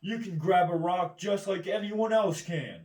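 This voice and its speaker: A man's voice: high-pitched, measured pace, darkish tone. A man ranting in a rambling, combative monologue, swearing constantly and often asking "right?". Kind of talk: profane monologue rant. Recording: echoey room, distant mic.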